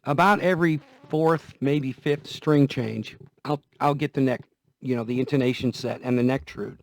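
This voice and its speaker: At a moderate pace and with a steady mid-range tone, a man gives a casual guitar-care demonstration for his vlog. His folksy talk repeats itself, and guitar playing drifts in now and then.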